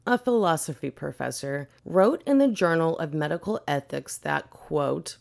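Woman, podcast host, slightly low voice, swearing, blunt, indignant commentary. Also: animated, normal speed, vocal fry, a little mellow.

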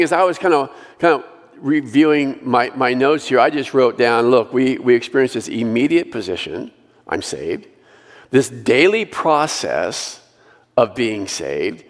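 A male pastor preaching a sermon, earnestly leading the congregation in repeated declarations and dropping to a hushed voice on scripture. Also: medium pitch, long reverb tail.

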